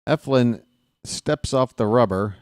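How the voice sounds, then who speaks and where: A man's voice: mid-range voice, takes it slowly, darkish tone, no room sound, clean studio sound. A man with a Baltimore accent doing solo play-by-play for a baseball game, openly rooting for his team. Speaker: play-by-play announcer.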